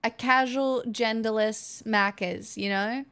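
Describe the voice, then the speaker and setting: Playful Australian woman chatting slowly. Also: on the high side, fairly even intonation, fairly bright tone, clean tone. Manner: playful and jokey, laughs often. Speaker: live streamer. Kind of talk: casual chat with viewers.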